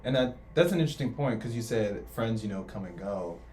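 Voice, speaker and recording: A man's voice: lowish voice, animated, a little fast, darkish tone. A young man who just finished college, speaking earnestly and reflectively in a casual faith discussion. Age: young adult. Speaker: co-host.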